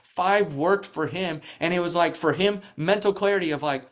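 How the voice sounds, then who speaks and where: A man's voice: sits high, moderate pace. A man speaking as a guest in a casual interview, telling stories with energy, acting out quoted voices, and filling his talk with "like". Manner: animated storytelling, acting out quoted voices, frequent "like" fillers. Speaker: podcast guest, real estate coach.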